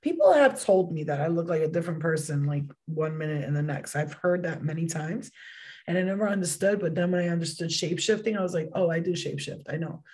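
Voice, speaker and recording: A young woman doing a casual tarot reading, excitable and swearing freely, with bursts of exclamations. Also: fairly low pitch, fast. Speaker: tarot reader.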